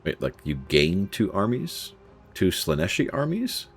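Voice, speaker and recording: A man's voice: low-pitched, sing-song, measured pace, breathy edge, faint music behind. A man streaming a game live, muttering through his looting and reacting to chat in casual commentary.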